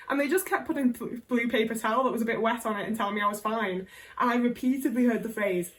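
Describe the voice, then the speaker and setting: A woman's voice: a little high, fast talker, far from the mic, poor audio. Blunt English woman, a bit off-mic. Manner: candid, blunt, sweary, lots of "like". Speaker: vlogger. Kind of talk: casual storytelling to camera.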